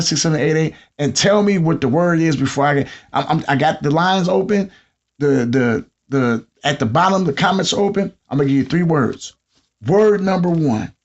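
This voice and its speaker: Husky high-voiced Southern man riffing. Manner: animated storytelling, mimics customers. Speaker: podcast host. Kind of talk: comedic monologue. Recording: dull lo-fi sound.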